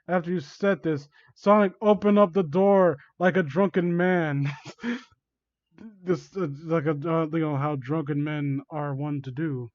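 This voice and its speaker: A man's voice: a little high, moderate pace, no echo, muffled recording. A man doing a comedic dramatic reading of fan fiction, stumbling over words and adding amused asides.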